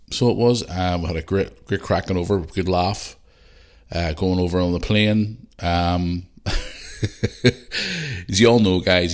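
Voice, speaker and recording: A middle-aged man with a Northern Irish accent hosting a podcast, rambling and swearing, and growing heated and loud. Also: low voice. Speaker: podcast host. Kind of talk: casual monologue.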